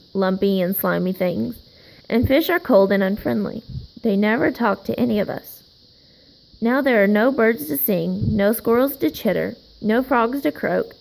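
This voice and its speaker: A woman's voice: medium pitch, vocal fry, darkish tone, close to an everyday voice, poor audio. A woman voicing a worried, stubborn grown-up male rabbit in a storybook reading.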